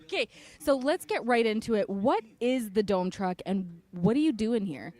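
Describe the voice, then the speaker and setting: Female roving co-host, excited and chatty. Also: mid-range voice, moderate pace. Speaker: telethon co-host, roving interviewer. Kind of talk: live backstage interview.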